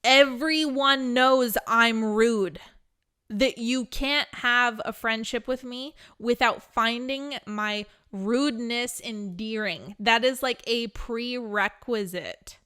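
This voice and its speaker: A woman's voice: a little high, takes it slowly, pushed and bright, smooth. A woman teaching a spiritual class and answering questions in a blunt, candid way, laughing now and then. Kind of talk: live teaching with Q&A.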